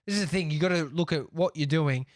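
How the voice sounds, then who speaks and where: A man's voice: fairly high pitch, quick pace, no room sound. A man in his thirties with an Australian accent, co-hosting a podcast in casual studio banter, blunt and sweary with frequent laughs. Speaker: podcast co-host.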